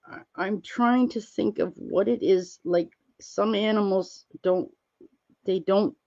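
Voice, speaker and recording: A woman streaming, chatting casually with viewers while she crafts, rambling and gently reassuring them with lots of fillers. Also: mid-range voice, slow, muffled recording. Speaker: livestreamer answering chat.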